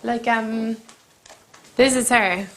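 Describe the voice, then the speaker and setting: Deadpan rambling Irish woman from Cork. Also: fairly high pitch, takes it slowly, slight background noise. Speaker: comedian host. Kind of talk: deadpan comic monologue. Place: country kitchen.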